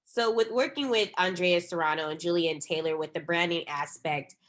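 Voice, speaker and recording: Attentive woman podcast host, lowish voice. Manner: attentive, quick to affirm with short backchannels. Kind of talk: casual podcast interview.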